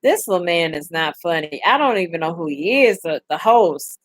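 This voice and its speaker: A young woman hosting a casual live chat, animated and profane, laughing often and reading comments aloud. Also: on the low side, moderate pace, dry recording. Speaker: livestream host.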